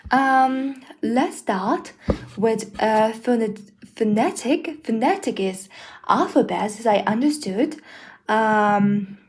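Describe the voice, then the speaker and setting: A young woman whose first language is Mongolian, giving a casual beginner lesson in a hesitant, apologetic way with many pauses and fillers. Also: a little high, lively intonation, a little mellow. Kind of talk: casual self-made lesson.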